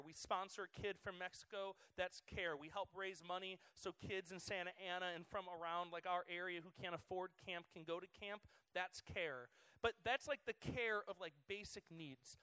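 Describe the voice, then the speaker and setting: A man in his thirties giving a chatty, excitable sermon to students as their youth pastor, full of fillers. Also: high voice, clear, resonant tone, no room sound. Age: 30s.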